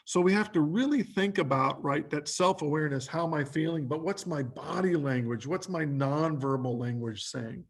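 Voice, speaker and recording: A man with a somewhat high, husky voice gives a training lecture. He speaks in lists of short questions and now and then acts out quoted lines. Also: moderate pace, few pauses.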